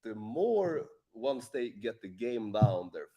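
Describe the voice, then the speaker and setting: A man's voice: on the low side, very animated, takes it slowly, lo-fi sound, a crowd in the background. A man co-hosting a casual podcast as a dating coach, blunt and profane.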